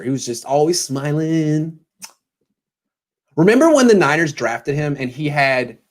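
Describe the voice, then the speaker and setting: A man in his thirties, a sports blogger hosting a casual pregame show, telling stories with sarcastic asides and mock voices. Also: on the high side. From California.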